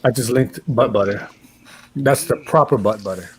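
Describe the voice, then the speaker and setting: A man's voice: medium pitch, moderate pace, low-quality recording. A man joining a stream chat, teasing crudely and rambling through silly stories. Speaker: stream guest. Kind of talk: casual banter on a stream.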